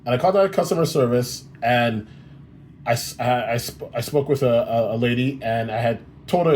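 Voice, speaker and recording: A man's voice: medium pitch, a little fast, a little mellow, slight background noise. A man telling a frustrating customer-service story on his vlog in a blunt, exasperated way, swearing freely. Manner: blunt and profane, exasperated retelling. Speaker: vlogger. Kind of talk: casual storytelling rant.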